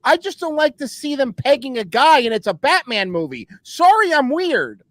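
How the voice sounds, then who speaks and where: A man's voice: very high voice, sing-song, normal speed, fairly bright tone, dry recording. A man in casual comic banter, ranting sarcastically with profanity. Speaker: guest comedian.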